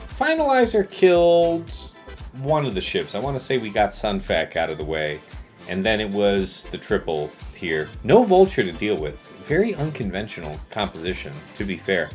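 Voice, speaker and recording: A man's voice: fairly low pitch, sing-song, normal speed. A man casually commentating his game stream, chatting with viewers and joking back at their messages, with faint music behind him. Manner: chatty, joking replies to chat.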